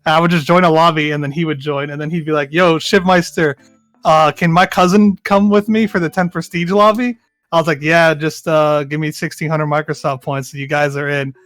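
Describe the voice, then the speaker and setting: Higher-voiced dude just chilling and chatting games, slangy, dry close mic, faint music. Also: male voice, steady tone, a little fast, a bit bright, dry recording. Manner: laid-back, slangy. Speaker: podcast co-host. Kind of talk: casual gaming chat.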